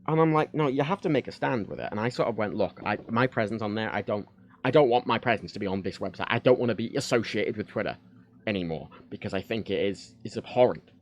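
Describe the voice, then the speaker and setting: Talking fast in a lowish voice, a streamer from the United Kingdom rambles candidly on a casual home livestream, full of fillers and false starts. He uses a desk microphone, and the sound is lo-fi.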